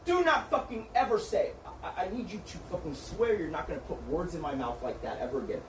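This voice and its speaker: A man's voice: a little high, lively intonation, a little fast. A man in a heated argument, lecturing and swearing as he insists on his own point. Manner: berating, profane, lecturing. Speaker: streamer's manager. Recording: echoey room from far off, faint noise.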